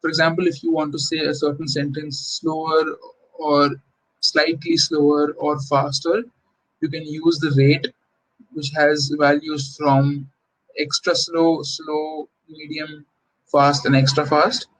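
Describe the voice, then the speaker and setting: A man's voice: a little high, little pitch movement, takes it slowly, a bit bright, rough recording. A young man presenting a conference tech talk in an informal, explanatory way, with frequent fillers and restarts. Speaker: conference speaker.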